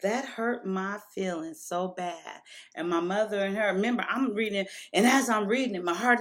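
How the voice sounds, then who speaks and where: A woman's voice: medium pitch, moderate pace. A woman telling a personal story to camera in a candid, casual way, stopping and restarting as she remembers. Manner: candid, emotional retelling with frequent restarts.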